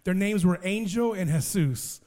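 A man preaching, telling his testimony as a lively story and restarting with repeated words. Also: high-pitched, measured pace. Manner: lively storyteller who acts out other people's voices.

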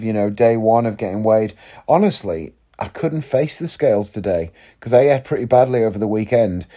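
A man's voice: mid-range voice, warm tone. A man talking candidly to camera in a personal vlog, owning up to his nerves in a self-deprecating way. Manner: candid and self-deprecating, nervous about the task ahead. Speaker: vlogger.

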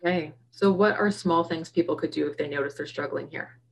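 A woman's voice: low-pitched, a little fast, vocal fry, poor audio. A woman hosting a casual talk, asking questions and joking along. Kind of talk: casual podcast chat.

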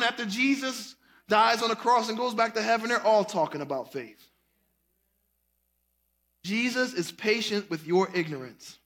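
A man preaching a sermon, casual and folksy, addressing the congregation as y'all and breaking into song. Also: high voice. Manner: animated preaching, breaks into singing and shouting. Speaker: pastor.

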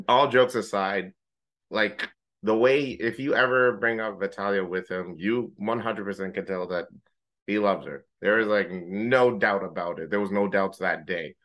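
A man co-hosting a podcast, telling a story in casual chat, animated, swearing freely and mimicking friends in high joking voices. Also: a little slow. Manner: swears casually, uses gamer slang. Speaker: podcast co-host.

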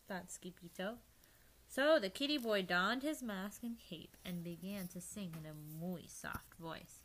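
A woman reading a children's storybook aloud, lively and playful, sometimes dropping to a hushed whisper. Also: fairly low pitch, measured pace, slight background noise, poor audio. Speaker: reader.

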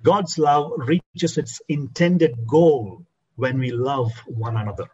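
A man preaching a sermon as a pastor, slowing and dropping his voice low to stress key phrases. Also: darkish tone, slightly rough, lo-fi sound.

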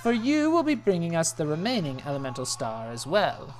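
A woman voicing a suave, scheming villain from a video game, slow and mock-courteous. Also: low voice, huge pitch swings, soft background music, voice pushed up. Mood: smug.

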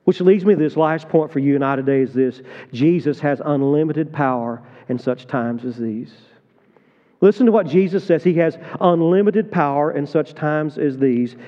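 A middle-aged man preaching a sermon, swinging between loud urgent appeals and low, tender confiding. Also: in a large hall, dull audio. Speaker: pastor. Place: church sanctuary.

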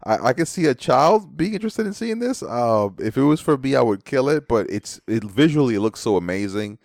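A man co-hosting a casual movie review chat, expressive and joking as he gives his verdicts. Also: medium pitch, brisk, gravelly, dry recording, clean studio sound. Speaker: podcast co-host.

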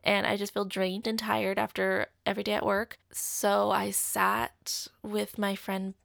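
Young adult woman, gravelly fry, close dry sound, chatty storyteller. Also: mid-range voice, flat delivery, a little slow, fairly bright tone, no echo. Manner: chatty, fills talk with "like". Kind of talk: casual personal story.

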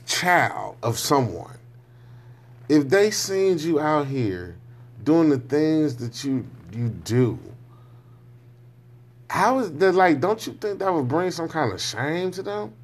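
A man talking in a loose, rambling monologue, frank and profane, often checking in with his listener. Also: a little high. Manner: loose, rambling, often asks "you know what I'm saying"; frank and profane, with slangy speech. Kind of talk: casual monologue.

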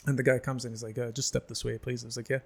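A young man from the UAE, a guest in a casual chat, telling animated stories and acting out the people in them with laughs. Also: mid-range voice, rapid-fire, gravelly. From United Arab Emirates. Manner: animated, acts out quoted voices, laughs often.

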